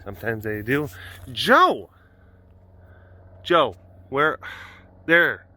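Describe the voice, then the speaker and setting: A man's voice: mid-range voice, very animated, extremely slow, sharp tone. A man hosting a casual vlog at an outdoor animal compound, chatting playfully and cooing baby talk at the cats. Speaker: host.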